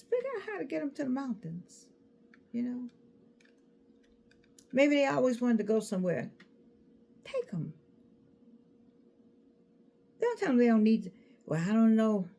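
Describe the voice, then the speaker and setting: A woman in her sixties giving a casual motivational talk. She is animated, repeats her words and bursts into laughter, and she mentions a toothache. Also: medium pitch. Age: 60s. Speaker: speaker addressing an audience.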